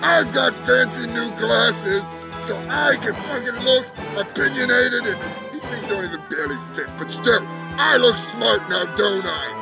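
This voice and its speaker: A man doing a ranting, gravelly alien pundit. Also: very high voice, a little slow, hardly any pauses, heavily acted. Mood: boastful. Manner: ranting, shouting, swearing, insulting. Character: brash foul-mouthed male alien pundit, loud, ranting, full of himself. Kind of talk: comedic character rant. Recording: music playing behind.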